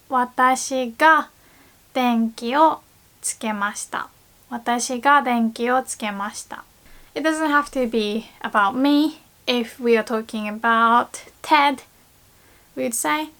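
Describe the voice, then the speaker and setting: A woman whose first language is Japanese, teaching grammar in English with a slow, patient manner, repeating example words with lifted emphasis. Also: a little high, gravelly, sharp tone. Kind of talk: casual explanatory lesson.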